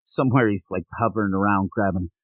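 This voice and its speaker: A man's voice: fairly low pitch, quick pace, no echo. A man co-hosting a casual comic book podcast, rambling and laughing often, swearing freely. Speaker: podcast co-host. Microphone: remote recording setup, not in the same room.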